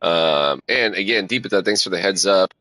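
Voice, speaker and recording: Laid-back low-voiced man streaming a race. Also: moderate pace, no room sound. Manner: laid-back, rambling, swears, many fillers. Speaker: sim racing streamer. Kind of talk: casual live-stream chat while racing. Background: loud music.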